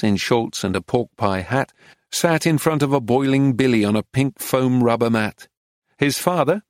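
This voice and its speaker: A man narrates an audiobook in a measured, descriptive way at a mid pitch. The recording is close and very dry, with no room sound. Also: dry recording. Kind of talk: scripted first-person narration.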